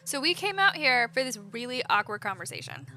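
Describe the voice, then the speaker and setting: A woman's voice: sits high, a little fast. A woman streamer reading a game's dialogue aloud in her own casual voice, adding light commentary as she plays. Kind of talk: reading game dialogue aloud while playing. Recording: steady background noise.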